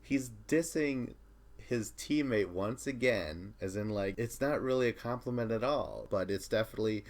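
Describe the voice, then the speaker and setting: A man's voice: lowish voice, normal speed. A man hosting a podcast, chatting casually through a recap, often laughing and retelling scenes with quoted lines. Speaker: podcast host.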